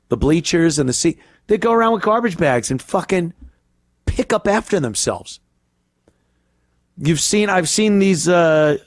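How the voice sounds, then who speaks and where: A man's voice: fairly high pitch, no room sound, studio quality. A male host ranting in a crude, profane, rambling way on a casual comedy podcast.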